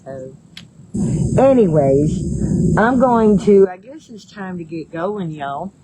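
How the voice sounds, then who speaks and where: A woman's voice: fairly low pitch, expressive, takes it slowly, mellow, slight background noise, poor audio. A woman chatting casually on a livestream, reading viewer comments in a rambling, folksy way and chuckling often. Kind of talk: casual live-stream chat.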